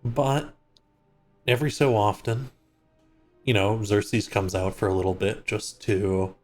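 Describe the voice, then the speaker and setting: A man narrating as game master of a tabletop game, in a relaxed, easygoing way. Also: lowish voice.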